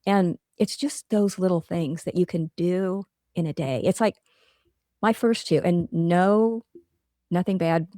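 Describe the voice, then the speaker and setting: A woman's voice: on the low side, steady tone, measured pace, warm tone, dry recording, studio quality. A middle-aged woman, a guest author, talking earnestly and reflectively in a casual interview, working through everyday examples.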